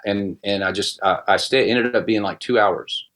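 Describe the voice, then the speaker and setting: A middle-aged man telling a personal story in casual podcast talk, halting with many restarts and fillers. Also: fairly low pitch, fairly bright tone. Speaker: guest musician.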